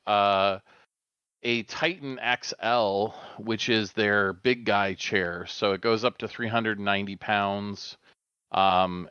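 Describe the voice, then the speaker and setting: A middle-aged man chats loosely on a gaming podcast, circling back and restarting his sentences. His voice is low and smooth with a bright, forceful edge. The mic sounds dry and a little dull. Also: dry recording. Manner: rambling, chatty, lots of fillers and restarts. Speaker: podcast co-host. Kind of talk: casual podcast chat.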